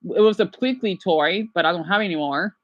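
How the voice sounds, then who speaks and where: A woman ranting on a casual livestream. She is agitated, swinging between angry outbursts and hushed apologies. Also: fairly low pitch, a little fast, lo-fi sound.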